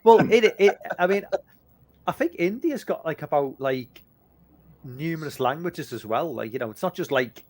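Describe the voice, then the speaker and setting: A man's voice: a little high, expressive, moderate pace, a little mellow. A man co-hosting a casual movie chat stream, rambling and swearing freely with lots of restarts. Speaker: podcast co-host.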